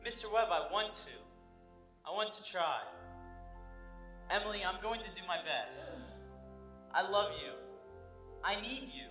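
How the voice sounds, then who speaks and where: A teenage boy playing a nervous young groom in a high school stage play. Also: expressive, a little slow, pauses often, over music. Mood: earnest. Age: teens. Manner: anxious, earnest. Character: nervous young groom on his wedding day. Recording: echoey auditorium stage.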